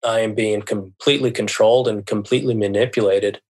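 A man telling a personal story as a podcast guest, speaking in a halting, earnest way and often restarting his phrases. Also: on the low side, steady tone, darkish tone. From United States.

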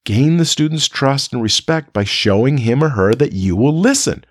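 A man with a slightly husky voice gives an instructional talk to fellow teachers, calm and explanatory. His pitch moves a lot as he stresses points, and the recording is dry and close, with no room sound. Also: moderate pace, no echo. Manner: calm, explanatory, with rhetorical "right?" checks.

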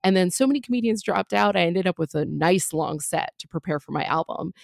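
A woman's voice: fairly low pitch, expressive, brisk, gravelly, no echo, clean studio sound. A woman comedian in her thirties telling a story as a podcast guest, chatty and full of fillers and jokey asides.

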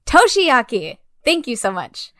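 High-voiced, sarcastic woman reviewing a film. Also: sing-song, unhurried, a bit bright, no echo, studio quality. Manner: blunt, sarcastic, swears often. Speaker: podcast co-host. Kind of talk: casual film review chat.

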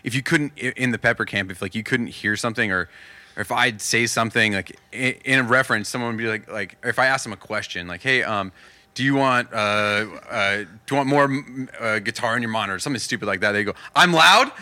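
A man's voice: fairly low pitch, fast, pushed and bright, dry recording. A man in his thirties telling a candid, rambling story as a podcast guest, laughing often and full of fillers. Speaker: podcast guest, touring musician. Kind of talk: casual storytelling.

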